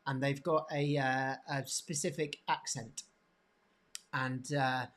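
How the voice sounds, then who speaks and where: A man teaching hand anatomy off the cuff, pointing to bones, with many restarts and frequent throat clearing. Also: mid-range voice, little pitch movement, a bit bright. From England. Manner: halting, repeats words, frequent throat clearing. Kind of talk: unscripted teaching demonstration.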